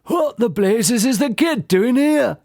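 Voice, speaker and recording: A man doing a snarling, slow crook. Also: extremely high pitch, expressive, vocal fry, a little mellow, dry recording, clean studio sound, pitched above the performer's own voice, heavily acted. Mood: menacing. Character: gruff, menacing adult male crook.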